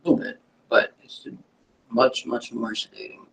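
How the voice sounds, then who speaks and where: A man with a lowish, creaky, fairly bright voice reviews cannabis at home at normal speed, his intonation fairly flat. He's laid-back and rambling, hedging about what he remembers. The home recording sounds distant and dull, with faint noise.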